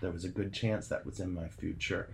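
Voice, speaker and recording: A man chatting casually about getting hearing aids, telling animated, self-mocking stories. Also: low voice, brisk, creaky. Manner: animated storyteller, self-deprecating. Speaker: hearing aid client. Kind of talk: casual conversation.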